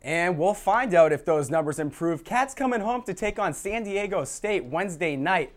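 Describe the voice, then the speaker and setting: A man's voice: fairly high pitch, lively intonation, moderate pace. A man hosting a student TV sports show, reading scores and questioning his analyst in an upbeat anchor manner.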